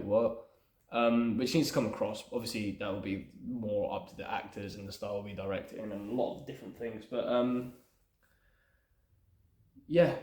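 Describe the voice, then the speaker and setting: A young man talks through his own film script in a loose, rambling way, thinking aloud and padding his points with fillers. His voice sits on the low side, and the room around him gives it a noticeable echo. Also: darkish tone. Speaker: aspiring screenwriter. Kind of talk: casual script breakdown.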